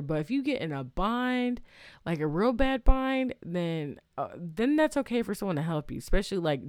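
A woman's voice: fairly low pitch, clear, resonant tone, no echo, studio quality. A woman casually retelling a movie's plot, rambling with fillers and restarts and reacting aloud to what happens. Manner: chatty, reacts aloud to the story. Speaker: movie recap vlogger.

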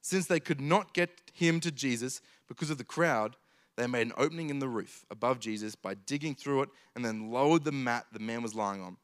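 A man's voice: medium pitch, brisk. A man preaching a sermon in an earnest way, building his points through emphatic repetition.

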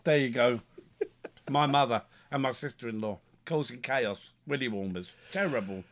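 A man telling a funny family story in a casual podcast chat, animated and chuckling, stumbling over his words as he gets excited. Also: medium pitch, moderate pace. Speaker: podcast co-host.

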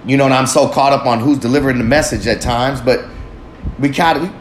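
A man's voice: mid-range voice, steady tone, fast, a little hiss or hum. Profane man riffing in an echoey room. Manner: heavily profane, emphatic, talks to himself. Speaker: vlog host. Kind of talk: casual motivational monologue. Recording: echoey room with faint ambience.

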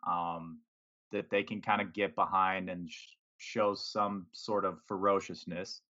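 A man with a low voice chats about sports on a podcast in a wry, laid-back way. He has a sarcastic edge. The recording sounds dull and lo-fi. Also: level tone, a little slow, sharp tone. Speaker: podcast co-host. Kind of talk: casual sports chat.

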